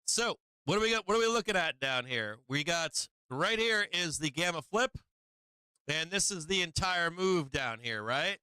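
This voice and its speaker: A man's voice: fairly high pitch, expressive, normal speed, sharp tone, clear, resonant tone, no echo. A man hosting a live stock market stream, walking through charts and asking viewers rhetorical questions. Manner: rhetorical questions to viewers, chats to his cat. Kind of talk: live trading commentary.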